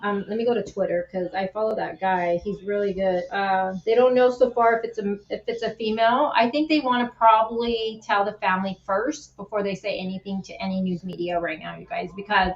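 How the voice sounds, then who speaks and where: A woman's voice: mid-range voice, fairly even intonation, fairly quick, few pauses. A woman hosting a livestream in casual chat, emotional and tearful, rambling with many restarts. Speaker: livestream host. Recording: roomy, dull lo-fi stream audio.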